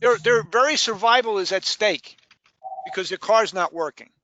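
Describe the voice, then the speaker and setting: High, bright, emphatic male sales trainer. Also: moderate pace, no room sound, highs cut off. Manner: emphatic, repeats key phrases, asks questions. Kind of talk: live sales training session.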